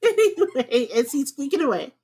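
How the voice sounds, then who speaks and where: Chatty, laughing woman podcast host. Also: moderate pace. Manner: chatty and laughs often, with lively swings up in pitch. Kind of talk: casual podcast chat. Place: home.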